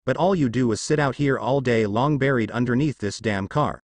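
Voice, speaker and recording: A man's voice: medium pitch, normal speed, dry recording, natural voice. A man voicing a weary, grieving young man who keeps pressing his brother with earnest questions. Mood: frustrated.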